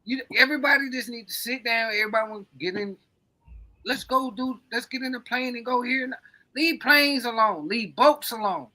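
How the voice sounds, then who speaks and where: A man's voice: very high voice, moderate pace, sharp tone. A man co-hosting a podcast, rambling in casual, profane, emphatic chat. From coastal United States. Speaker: podcast co-host.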